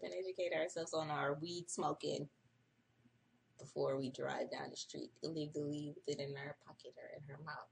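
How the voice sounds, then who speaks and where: A woman's voice: low voice, fairly even intonation, moderate pace, vocal fry, slight background noise. A woman hosting a casual early-morning livestream, profane and chatty, reading an article aloud and breaking off for her own asides. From United States. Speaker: livestream host.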